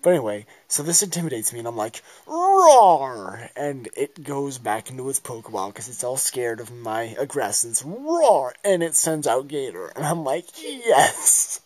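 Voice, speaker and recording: A man's voice: mid-range voice, brisk, hardly any pauses, a little mellow, dry recording. A man talks through a game battle move by move, rambling and goofy, often acting out his own reactions. His voice sounds close and dry, with no room around it. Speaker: gamer narrating a battle.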